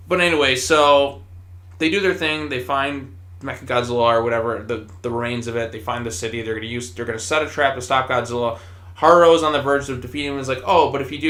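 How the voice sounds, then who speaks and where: A man's voice: medium pitch, bright, forceful tone, reverberant. A man giving a casual, exasperated film review, swearing often and restarting his sentences. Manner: exasperated, profane, stammering restarts.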